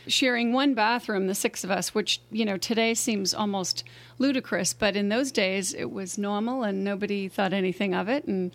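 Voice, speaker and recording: A woman's voice: medium pitch, moderate pace. A woman from Boston with a Boston accent, a guest on a radio talk show with a wry, dry humor. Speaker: guest, town mayor. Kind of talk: casual radio interview.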